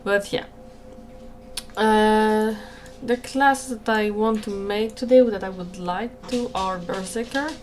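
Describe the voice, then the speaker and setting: A woman's voice: mid-range voice, slow pace. A woman with a French Canadian accent chatting casually on a livestream from home, apologetic and hesitant, often restarting her sentences. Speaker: streamer and game creator. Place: home room, alone.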